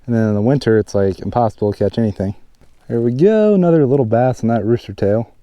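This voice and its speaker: A man hosting a fishing vlog, chatting casually outdoors by a mountain pond and getting excited over each catch. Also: mid-range voice, fast talker, dry recording, muffled recording. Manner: chatty, excited when hooking fish. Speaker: fishing channel host.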